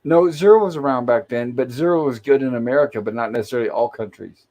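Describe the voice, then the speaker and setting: A man's voice: mid-range voice, quick pace, warm tone. Man explaining an old sitcom, conversational. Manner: explanatory, walks through scenes step by step. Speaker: host. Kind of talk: casual chat reviewing an old sitcom.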